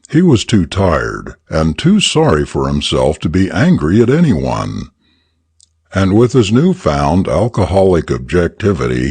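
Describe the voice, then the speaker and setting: A man narrating a story for English learners in an expressive, deliberate reading. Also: low voice, slightly rough, no echo.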